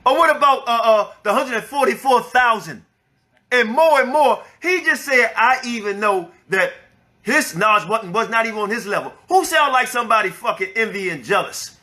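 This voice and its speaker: Male religious elder, loud and profane, sharp high-pitched voice, heated rant. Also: expressive, normal speed. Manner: angry, profane, preaching, repeats the clip's words to rebut them. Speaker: elder of a religious group, host reacting to a clip. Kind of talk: heated reaction commentary.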